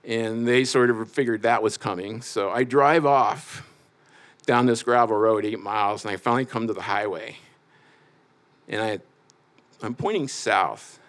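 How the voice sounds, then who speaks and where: A man's voice: fairly low pitch, measured pace, a bit bright. A man from the Midwest telling a personal story aloud, wry and self-mocking, with a loose conversational flow full of little fillers. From Midwest United States.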